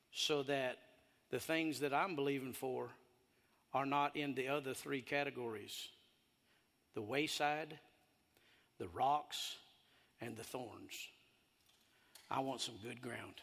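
A man preaching a sermon, animated and emphatic, drawing in the congregation. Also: medium pitch, gravelly, long reverb tail.

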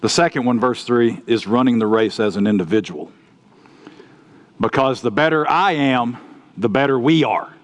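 A man preaching a sermon, telling folksy stories and swinging between loud outbursts and quiet asides. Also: mid-range voice, normal speed. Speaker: pastor.

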